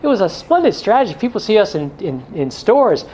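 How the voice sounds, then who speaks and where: A man's voice: high-pitched, sing-song, a little fast, background noise. A middle-aged male pastor giving a blunt, joking talk to a men's group, now and then mimicking excuses in a whiny voice.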